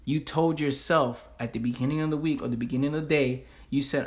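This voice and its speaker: A man hosting a motivational podcast, animated and slangy, often laughing. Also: medium pitch, fast. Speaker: podcast host.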